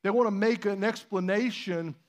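A man's voice: sits high, moderate pace. A man preaching a sermon in church, conversational and emphatic, with rhetorical questions. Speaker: pastor.

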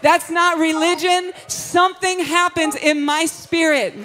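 A woman pastor giving an Easter sermon, moving from hushed, confiding talk to fervent shouted praise, breaking into sung phrases and frequent laughter. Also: very high-pitched, steady tone, unhurried, hardly any pauses, soft background music.

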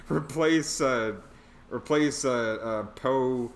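On a podcast, a man casually reviews a bad film, rambling with plenty of fillers and laughing at his own jokes. He has a medium-pitched voice and draws out his words, with slight background noise.

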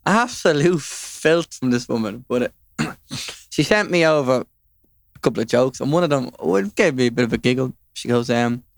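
A man co-hosting a podcast in casual chat, teasing and swearing freely, often clearing his throat. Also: mid-range voice, lively intonation, fairly quick, no room sound. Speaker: podcast co-host.

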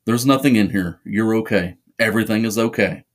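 A man's voice: on the low side, brisk, close to an everyday voice. A man voicing a stern but worried father who firmly reassures his son in a spoken horror story. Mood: reassuring.

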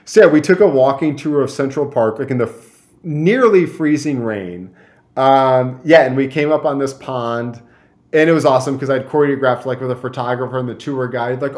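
A man's voice: medium pitch, normal speed. A young man from Michigan, a guest telling a story in casual chat, rambling with many fillers and restarts.

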